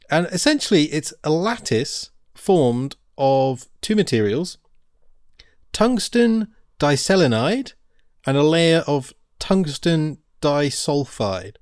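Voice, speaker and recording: A man's voice: a little high, darkish tone, dry recording, studio quality. A man co-hosting a casual science podcast, chatty and stumbling a little over technical terms. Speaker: podcast co-host. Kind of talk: casual educational chat.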